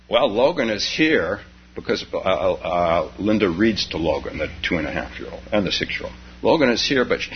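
An older man, a Zen teacher, giving a dharma talk full of personal stories and frequent chuckles. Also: low-pitched. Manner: chuckles often while telling stories. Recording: dull lo-fi recording with faint noise.

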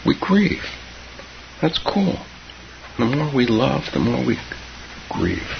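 A man in his seventies giving an unhurried, reflective dharma talk, laughing softly and dropping to whispers, in a muffled recording. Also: medium pitch, very animated, creaky, noisy background. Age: 70s. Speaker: meditation teacher.

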